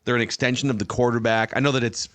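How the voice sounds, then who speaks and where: A man's voice: medium pitch, flat delivery, rapid-fire, fairly bright tone, no echo. A man hosting a podcast, asking curious, long, carefully set-up questions of his guests. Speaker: podcast host. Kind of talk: casual chat.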